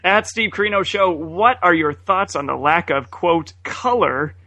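A man's voice: high voice, a little slow, pushed and bright. A man co-hosting a podcast, joking casually and reading out listener questions. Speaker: podcast co-host. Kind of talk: casual chat.

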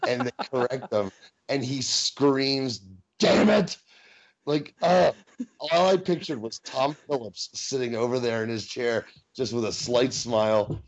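A man co-hosting a casual wrestling podcast, animated, acting out quotes and laughing often. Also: medium pitch. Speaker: podcast co-host. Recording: dull, lo-fi audio.

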